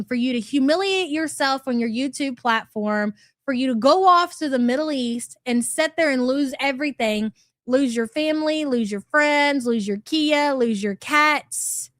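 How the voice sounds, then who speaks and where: A woman's voice: sits high, fairly bright tone, dry recording, studio quality. A woman giving exasperated, sarcastic reaction commentary and reading chat aloud. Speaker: commentary YouTuber.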